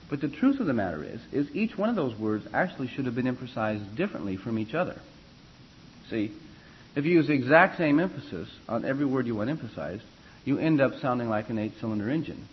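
A man's voice: medium pitch, expressive, brisk, slight background noise. Male choir teacher lecturing, dull audio. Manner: conversational, rambling, fillers and restarts, spells out terms. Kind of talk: classroom lecture on singing.

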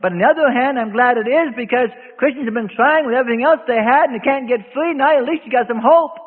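High-voiced preacher on tinny radio. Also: male voice, fast. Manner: emphatic, folksy and argumentative. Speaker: pastor. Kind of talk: sermon. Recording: tinny radio broadcast with long hall reverb.

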